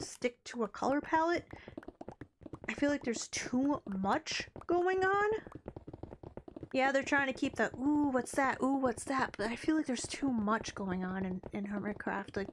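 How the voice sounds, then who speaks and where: High-voiced woman streamer rambling casually. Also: moderate pace, slight background noise. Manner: rambling, chatty, self-interrupting. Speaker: live streamer. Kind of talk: casual chat while playing a game.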